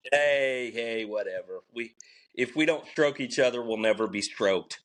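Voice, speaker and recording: A male podcast co-host trades jokes with his partner. He backpedals, corrects himself, and fills gaps with "uh." His pitch sits in a middle range. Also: unhurried, a bit bright. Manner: playful, backpedaling, hesitant fillers. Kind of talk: casual comedic banter.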